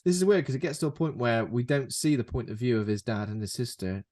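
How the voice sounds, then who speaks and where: A British man co-hosting a podcast, chatting casually about a film and acting out characters in quick jokey bits. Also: medium pitch, expressive, darkish tone. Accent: British English. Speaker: podcast co-host.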